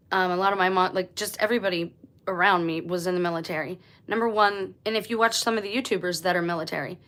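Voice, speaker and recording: A woman's voice: lowish voice, a bit bright. A woman hosting her own channel, talking straight to her viewers in an insistent, conversational monologue and repeating her points for emphasis. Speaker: channel host. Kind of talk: conspiracy monologue to camera.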